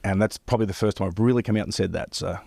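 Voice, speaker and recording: A man with a fairly low voice rattles off a long story at a fast clip, circling back and repeating his words as he goes. He acts out old phone calls in quick bursts. The sound is close and dry, with no room around it. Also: creaky, a little mellow, no echo. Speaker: professional caddy telling stories. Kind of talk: casual storytelling chat.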